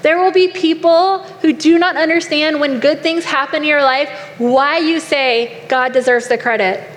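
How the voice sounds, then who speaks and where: A woman's voice: high voice, fairly even intonation, moderate pace. A woman preacher giving an earnest, exhorting sermon to a women's gathering in a large hall. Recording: long hall reverb, faint noise.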